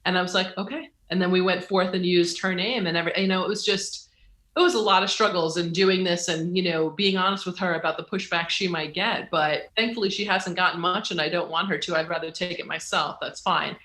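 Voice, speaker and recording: Animated woman telling stories in a roomy echo. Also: lowish voice, fairly quick. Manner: acts out quoted dialogue with big jumps, laughs while telling stories. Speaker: guest, author and journalist. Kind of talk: animated interview conversation.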